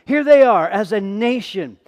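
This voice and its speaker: A man's voice: high voice, animated, measured pace, a little mellow, dull audio. A man pastor giving an emphatic sermon, repeating phrases and firing rhetorical questions at the congregation. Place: church sanctuary. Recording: long hall reverb.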